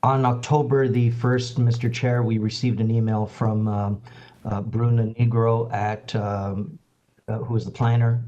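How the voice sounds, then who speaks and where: A man, an architect acting as agent, speaking soft and measured over a remote call to a hearing. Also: on the low side. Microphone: remote online call. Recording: dull remote audio line.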